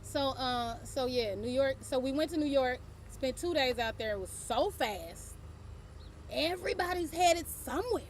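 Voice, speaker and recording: A woman's voice: sits high, expressive, normal speed, slight background noise. A middle-aged woman hosting her own show, telling a casual story, laughing often and swearing offhandedly. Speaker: host.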